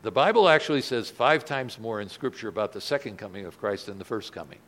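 A male pastor preaching a sermon in a church, dropping his voice soft and then swelling loud for emphasis. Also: on the low side, expressive, fast.

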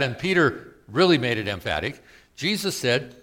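A man's voice: fairly high pitch, sing-song, moderate pace, sharp tone. A man with a Southern US accent preaching a sermon, retelling scripture in a plain conversational way and asking his listeners questions. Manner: paraphrasing scripture in conversational asides.

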